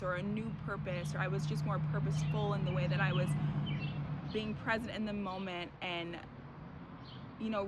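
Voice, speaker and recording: A young woman, a mother, earnestly talking through her own birth story in a casual, reflective way, often pausing on "you know.". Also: medium pitch. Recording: steady background noise.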